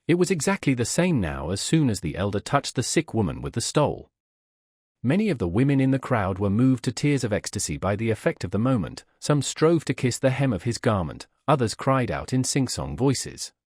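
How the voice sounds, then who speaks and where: A man narrating a classic novel as an audiobook in a measured, storytelling manner. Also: mid-range voice, very animated, a little mellow, breathy edge, no echo, clean studio sound.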